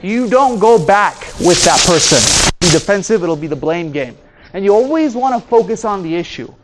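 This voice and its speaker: A man's voice: high voice, moderate pace, heavy background noise. A man giving a motivational training talk to an audience about conflict, acting out the people in his stories. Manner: animated, acts out dialogue with voice changes. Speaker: speaker and trainer.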